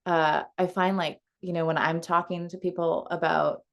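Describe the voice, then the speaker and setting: Lowish-voiced woman coaching from home on a video call, chatty, lots of ums, laughs a lot. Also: flat delivery, normal speed, gravelly. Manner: chatty, laughs easily, frequent fillers. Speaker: coach leading a community call. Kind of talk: casual teaching talk.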